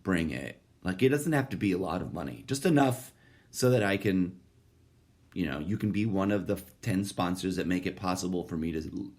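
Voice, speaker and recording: A man's voice: deep voice, animated, fairly quick, a little mellow. A man hosting a solo podcast, talking in a profane, sardonic, rambling monologue that keeps wandering off topic. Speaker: podcast host.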